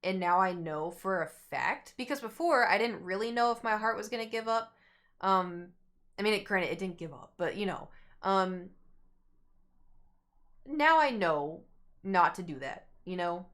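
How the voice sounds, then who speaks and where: A woman's voice: mid-range voice, unhurried. A young woman streamer telling a rambling story to her chat, acting out what people said. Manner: animated, rambling, acts out quotes.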